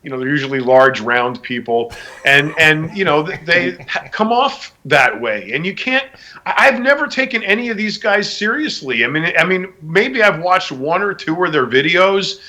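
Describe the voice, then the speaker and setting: A man's voice: fairly high pitch, animated, moderate pace, pushed and bright. A man co-hosting a casual podcast discussion, rambling and wry, with many restarts. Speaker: podcast co-host.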